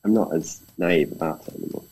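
A man's voice: deep voice, fast talker, husky, poor audio. A British man, a film director, telling stories in a casual conversation and acting out the quotes. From Britain. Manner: animated storyteller, acts out quotes.

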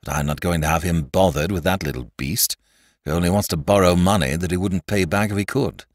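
A man's voice: low voice, a little fast, no room sound, clean studio sound, natural voice. A man voicing a jolly, blunt, skeptical country doctor with a hearty, dismissive manner. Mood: brusque.

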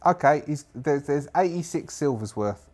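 A man's voice: fairly high pitch, animated, normal speed, a little mellow. A man narrating a solo tabletop game, thinking aloud and rambling with many fillers.

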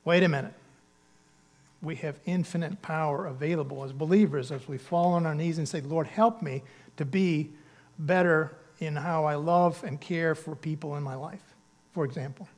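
A man's voice: on the high side, moderate pace. A man preaching a sermon as pastor, speaking earnestly and conversationally, with emphatic bursts on key words. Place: church sanctuary.

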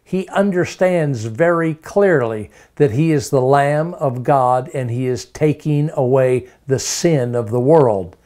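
A man preaching a sermon with emphatic delivery, stacking up rhetorical questions and repeating words to drive his points home. His voice sits at an ordinary male pitch. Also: slow, hardly any pauses, dark tone.

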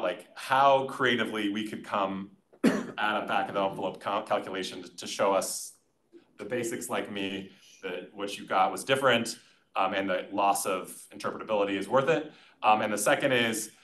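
A man's voice: lowish voice, fairly bright tone. A man acting as conference discussant, giving casual, rambling academic comments full of fillers and self-deprecating asides. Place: conference session room.

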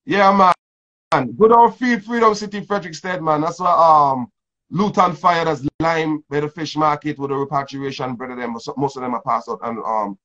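A man's voice: on the high side, normal speed, a bit bright. A man hosting a casual interview, rambling and laid-back with lots of fillers. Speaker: host. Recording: dull lo-fi sound.

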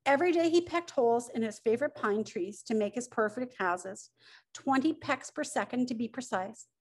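Breathy woman reading a children's story. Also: on the high side, normal speed. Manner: expressive, animated storytelling. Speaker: author reading her picture book. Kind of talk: children's story read-aloud.

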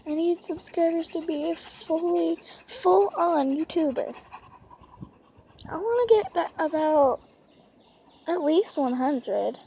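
A woman with a high voice rambles hesitantly in a casual vlog, recorded outdoors from a lounge chair. She talks slowly and pleadingly. Faint background noise is heard behind her. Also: mellow. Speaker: vlogger.

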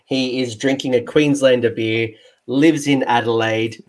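A man with an Australian accent hosting a casual interview, joking and excitable, quick to banter. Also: mid-range voice. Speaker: podcast host and game coach. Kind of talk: casual video-call interview.

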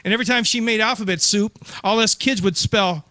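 A man with a high, sharp voice delivers a stand-up routine of groan-worthy gags. He laughs along at his own jokes in a self-amused way. The sound is dry and close. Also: brisk, no room sound. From Ohio. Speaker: stand-up comedian. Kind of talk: stand-up one-liners.

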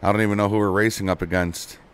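A man chatting casually with viewers while he streams a racing game, excitable and prone to sudden shouts into his desk microphone. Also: on the low side, fast talker, background noise. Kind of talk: casual live-stream chat.

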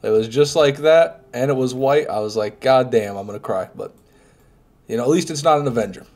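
A young man talking casually through a live gameplay stream, answering chat and cursing at the game now and then. He is fighting off a head cold. His voice sits at an ordinary middle pitch. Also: a little fast, a little mellow. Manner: chatty, reads chat aloud, swears casually.

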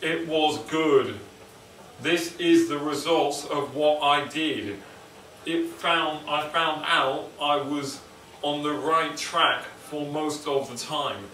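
A man voicing a nervous young presenter who reads in a stiff, slow, robotic monotone. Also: fairly high pitch, distant mic, a little hiss or hum, pitched above the performer's own voice. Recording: roomy echo, mic some way off.

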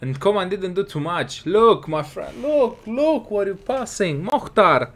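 A man with casually commentating his football game, excitable and scolding his players. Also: high voice, a little slow. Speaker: gaming commentator.

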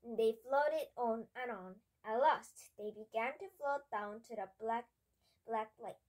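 A woman reading a children's storybook aloud, slow and careful with small restarts. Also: a little high, a little mellow, rough recording. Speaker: storybook reader.

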